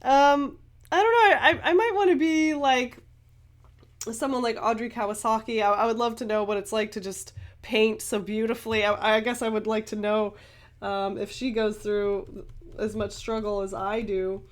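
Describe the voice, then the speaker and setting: A woman's voice: on the high side, fairly even intonation, moderate pace. A woman artist chatting casually while she paints, rambling and giggly with lots of fillers. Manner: rambling and chatty, with many fillers and frequent laughs. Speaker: artist and YouTube host.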